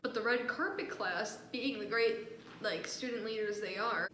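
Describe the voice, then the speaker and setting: A woman's voice: fairly high pitch, moderate pace. A young woman co-hosting a casual talk show, telling a story with lots of laughs and fillers. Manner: animated, laughs often, filler-heavy. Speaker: podcast co-host. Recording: echoey room with faint noise.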